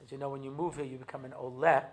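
An American rabbi gives a humorous lecture to an audience in a medium-pitched, fairly flat voice, talking rapid-fire. He spins funny stories from his own life, chatty and loose, full of jokes, asides, and small fillers, and switches into Hebrew phrases when acting out scenes.

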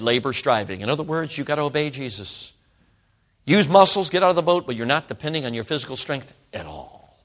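A bright-voiced man preaches a sermon and tells his own stories in an animated way. He speaks straight to the congregation and often asks them questions. He sounds middle-aged. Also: fairly high pitch. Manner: animated storytelling, addresses the congregation directly.

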